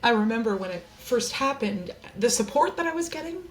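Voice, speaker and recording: A woman's voice: a little high, animated, a little fast, a little hiss or hum. A woman hosting a candid personal monologue from her desk, speaking in an earnest, open and heartfelt way. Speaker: host.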